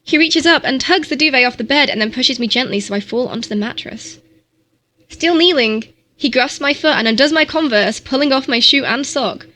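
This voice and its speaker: A woman streamer reads a novel aloud with a fairly high voice. She gives it a mock-dramatic delivery. She sometimes trips over a word and corrects herself. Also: a little fast, sharp tone. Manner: mock-dramatic reading with stumbles.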